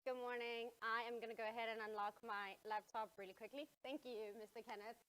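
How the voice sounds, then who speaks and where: A woman opening her conference talk in a gracious, relaxed and friendly way. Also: on the high side, a little fast, noisy background. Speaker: conference speaker.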